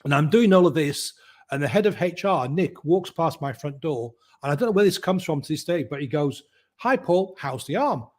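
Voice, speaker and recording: A middle-aged man, a guest telling his story in a lively way and acting out the voices of the people in it. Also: a little high, fairly quick. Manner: lively, acts out quoted voices. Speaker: guest, mindset coach. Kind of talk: animated storytelling.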